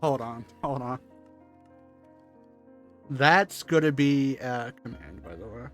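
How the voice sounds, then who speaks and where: A man's voice: medium pitch, expressive, takes it slowly, music in the background. Casual chatty male game streamer. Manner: chatty, talks to himself while playing, offhand jokes. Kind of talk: casual live gameplay commentary.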